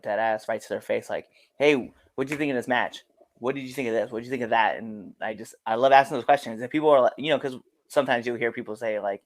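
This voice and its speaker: A man's voice: mid-range voice, dry recording. A man with a mid-range voice tells wrestling stories in a loose, casual way. He acts out the lines of others as he goes. The sound is dry, with no room in it. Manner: animated storyteller, acts out quotes. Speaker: professional wrestler. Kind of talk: casual interview storytelling.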